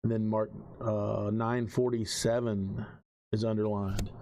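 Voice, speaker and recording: A man running a tabletop horror game as game master, describing scenes slowly with frequent pauses and reading old verses aloud. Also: on the low side, level tone, warm tone, low-quality recording. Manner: slow, measured descriptions with frequent ums.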